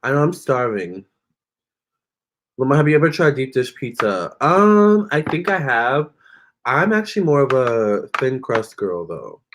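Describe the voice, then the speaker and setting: A man's voice: mid-range voice, sing-song, unhurried, fairly bright tone, a little hiss or hum. A man doing a tarot reading on a live stream, answering viewer comments in a chatty, sassy way and calling them honey and girl. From Virginia. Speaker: tarot reader.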